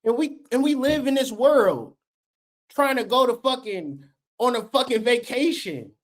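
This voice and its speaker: A man's voice: very high voice, animated, a little slow. A man in his late thirties hosting a livestream, ranting in a profane, fired-up and preachy way. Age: late 30s. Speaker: livestream host. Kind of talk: unscripted livestream rant.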